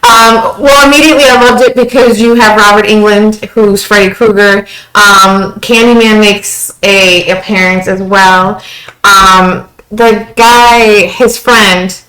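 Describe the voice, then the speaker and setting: Relaxed woman in an echoey room. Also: medium pitch, takes it slowly. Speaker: podcast co-host. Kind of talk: casual chat.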